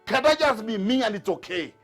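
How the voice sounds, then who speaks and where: A man's voice: high-pitched, expressive, a little fast, a bit bright, faint music behind. A man preaching a sermon to a Bible class, driving his points home with repeated rhetorical questions. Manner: emphatic, repetitive rhetorical questions.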